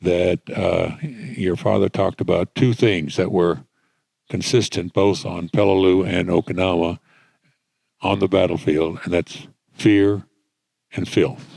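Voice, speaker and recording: An older man with a low, gravelly voice leads a fireside chat on a conference stage. He speaks in a measured, plain-spoken way, and the sound is close and dry. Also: fairly even intonation, darkish tone, no echo. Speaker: interviewer, retired Marine general.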